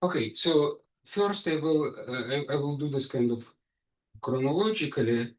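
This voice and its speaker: A man's voice: fairly high pitch, expressive, moderate pace. Hesitant male lecturer in an echoey hall. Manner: hesitant, frequent fillers and restarts. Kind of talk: academic conference talk. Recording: echoey hall, mic far off.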